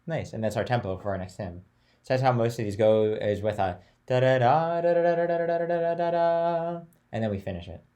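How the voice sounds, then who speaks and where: A young man teaching a chant class in a relaxed, chatty way, switching between talk and sung note names and phrases. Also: fairly low pitch, quick pace.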